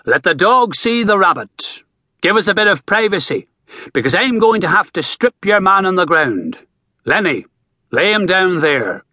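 A booming, bossy old country doctor, barking orders, as a male narrator puts him on. His husky voice swings widely in pitch, recorded dry and close for a storybook reading. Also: very animated, moderate pace, sharp tone, no echo, full character voice. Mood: brisk commanding. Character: gruff commanding older male country doctor.

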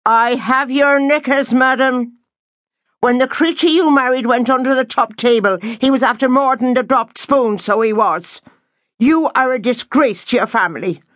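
A woman voicing a commanding older Irish grandmother, brisk and scolding, in an audiobook. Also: high-pitched, fairly bright tone, no echo, clean studio sound, pitched above the performer's own voice. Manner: brisk, scolding, full of authority.

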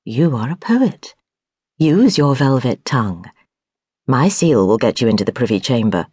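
A proud noblewoman gives orders crisply and a little sharply, as a woman reading an audiobook puts her on. The voice is husky, and the recording is close and dry. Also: extremely low pitch, sing-song, no echo, exaggerated voice. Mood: commanding. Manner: brisk and imperious, sharp-tongued. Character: proud, commanding noblewoman, sister of an earl.

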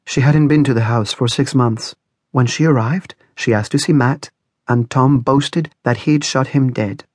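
A man voicing a kind, protective woman caretaker who speaks gently and earnestly. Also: mid-range voice, measured pace, breathy edge, no room sound, studio quality, voice pushed up.

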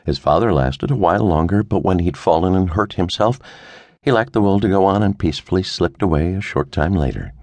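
A man narrating a detective audiobook in measured storytelling. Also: deep voice, lively intonation, darkish tone, dry recording. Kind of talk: scripted narration.

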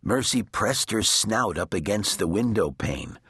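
A man narrating a children's storybook in a gentle, deliberate storytelling manner. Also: lowish voice, expressive, husky, no room sound, studio quality. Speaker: audiobook narrator.

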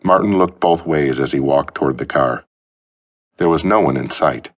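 Very deep-voiced male audiobook narrator. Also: normal speed. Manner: expressive, storytelling delivery. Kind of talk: scripted narration.

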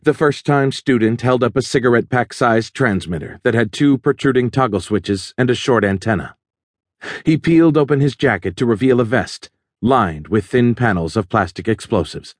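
A man narrating a thriller audiobook in a steady, measured storytelling manner. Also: medium pitch, no echo, clean studio sound.

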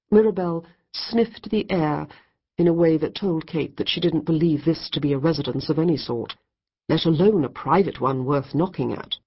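A woman narrating a comic novel in a wry, measured storytelling manner. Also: low voice, husky, lo-fi sound. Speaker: audiobook narrator. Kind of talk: scripted narration.

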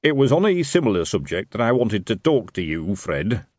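A man's voice: fairly low pitch, big pitch swings, normal speed, darkish tone, dry recording, studio quality. A man playing a huge restaurant owner who speaks plainly and matter-of-factly.

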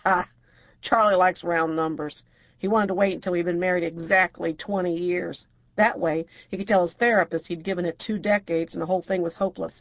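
A woman's voice: lowish voice, fairly even intonation, fairly quick, no room sound, dull audio. A woman narrator voicing a brassy, outspoken middle-aged divorcée who talks bluntly and crudely.

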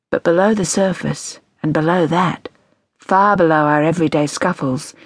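Low-pitched woman, wry and measured audiobook narration, dry close studio sound. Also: no echo.

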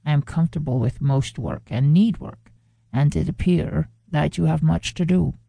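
A woman narrator voicing a gracious, soft-spoken male ranch hand with a Spanish accent, formal and gentle in his speech. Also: sits low, moderate pace, vocal fry, no room sound. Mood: courteous.

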